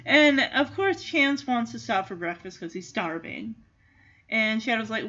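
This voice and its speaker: Chatty woman with a high voice going over a movie, kinda muffled recording. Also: lively intonation, unhurried, a bit bright. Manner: chatty, amused, jumps into character voices. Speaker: movie recap commentator. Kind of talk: casual movie commentary.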